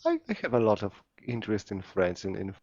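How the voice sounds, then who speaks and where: A man in casual chat, telling a story in halting speech while searching for words. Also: lowish voice, sing-song, darkish tone, no echo, dull audio.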